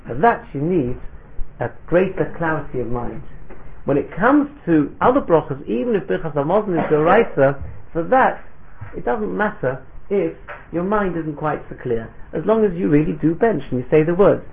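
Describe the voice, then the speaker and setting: A man's voice: a little high, lively intonation, moderate pace, gravelly, a little hiss or hum. A man teaching a Talmudic lecture, reading passages in Hebrew and Aramaic, explaining them in English, and checking in with the class. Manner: explains texts in Hebrew and Aramaic, then translates; asks the class "Yes?". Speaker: Torah teacher. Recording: tinny phone-line sound.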